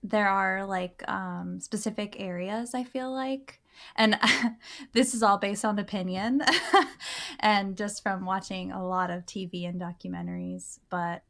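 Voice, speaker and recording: A woman co-hosting a casual podcast, hesitant and thinking aloud with pauses and ums. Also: mid-range voice, steady tone, a bit bright. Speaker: podcast co-host. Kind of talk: casual chat.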